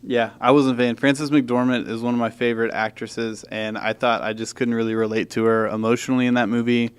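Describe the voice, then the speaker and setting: Young guy podcast host, smooth clear voice, animated and laughy movie chat. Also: mid-range voice, fairly quick. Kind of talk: casual chat about movies.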